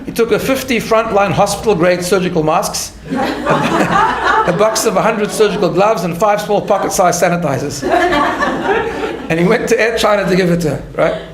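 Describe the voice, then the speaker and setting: A man, a rabbi, giving a conversational lecture, telling a story in an animated way with light laughter at his own asides and frequent restarts. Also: high-pitched, normal speed, reverberant, over a noisy crowd. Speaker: rabbi teaching a class.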